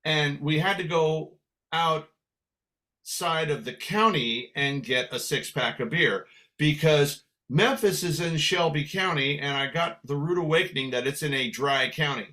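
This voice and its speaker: A man from San Francisco, a guest musician telling a long story in a lively, animated way. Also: a little high, a little slow. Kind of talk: casual storytelling.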